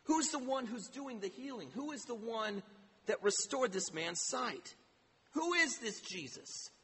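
High, bright-voiced male preacher. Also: lively intonation, measured pace, husky. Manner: emphatic, asks rhetorical questions. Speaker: pastor. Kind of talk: sermon. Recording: long hall reverb.

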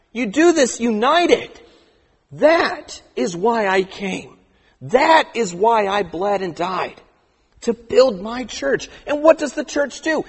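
High-voiced preacher in an echoing hall. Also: male voice, breathy edge. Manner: impassioned, drops to slow quiet emphasis. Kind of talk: sermon. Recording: echoey hall.

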